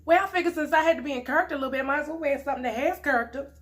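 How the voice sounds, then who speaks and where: A woman hosts an eating vlog, chatty and playful. Her voice sits a little high, and she laughs easily between bites. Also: very fast. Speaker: mukbang vlogger. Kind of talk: casual chat while eating.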